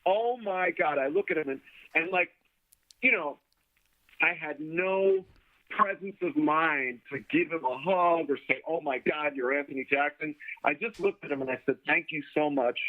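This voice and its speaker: Animated male storyteller on a tinny phone line. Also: fairly high pitch, normal speed. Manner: animated storyteller, acts out quoted voices. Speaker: guest musician. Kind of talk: casual storytelling interview.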